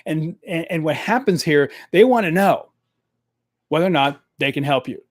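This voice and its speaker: A man coaching salespeople with direct, energetic drive, hammering his points home by repeating them. His voice sits a little high for a man. It is recorded close and dry on a desk microphone, with no room sound. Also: moderate pace, dry recording. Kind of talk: live-streamed coaching talk.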